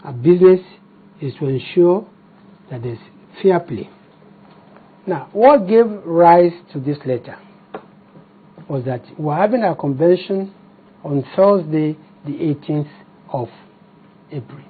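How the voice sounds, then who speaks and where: A Nigerian-accented man answers a TV interviewer as party spokesman. His voice is husky and sits a little high. He argues combatively and fires off rhetorical questions, heard through thin, phone-like broadcast audio. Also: expressive, slow, long pauses.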